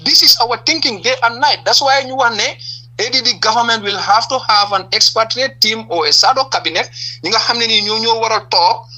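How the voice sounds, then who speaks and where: A man's voice: very high voice, a little fast, pushed and bright, rough recording. A man with a Gambian accent, a political party leader giving impassioned answers in a radio interview, stressing point after point and firing rhetorical questions.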